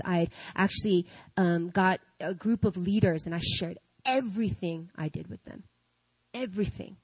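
A woman's voice: medium pitch, a little mellow, husky, no echo, muffled recording. A woman telling a personal story to an audience in casual, slangy talk, acting out her own reactions. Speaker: speaker sharing a personal faith story.

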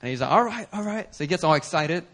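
A man preaching a sermon as pastor, telling a story animatedly with laughter and sudden shouts. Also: fairly high pitch, expressive, fast talker, noisy background. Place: church service.

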